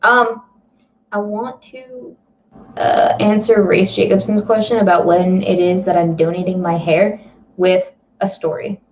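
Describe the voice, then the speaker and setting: A woman co-hosts a casual livestream chat, quick with teasing banter and often laughing. Her audio sounds slightly dull and lo-fi. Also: mid-range voice, steady tone. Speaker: co-host.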